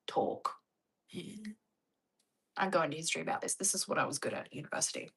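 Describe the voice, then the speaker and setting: An Australian woman with an Australian accent chats casually with her viewers, drifting from one tangent to the next. Her voice sits a little low yet sounds bright and forceful. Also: quick pace, creaky, slightly rough, poor audio. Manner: chatty, wanders off on tangents and tries on other accents. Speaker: streamer answering viewer questions. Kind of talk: casual chat.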